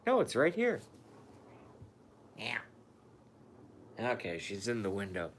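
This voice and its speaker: A man's voice: lowish voice, huge pitch swings, takes it slowly, slight background noise. A tired man who has been up all night, chatting casually and profanely on a live stream, rambling and talking to his cat and viewers.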